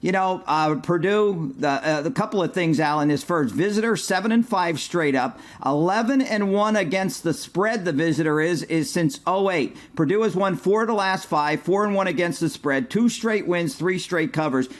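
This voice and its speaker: Middle-aged man, fairly high voice, conversational co-host breaking down betting picks. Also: moderate pace, hardly any pauses. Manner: conversational, agreeable, many fillers and restarts. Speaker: sports betting analyst. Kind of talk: sports betting podcast chat.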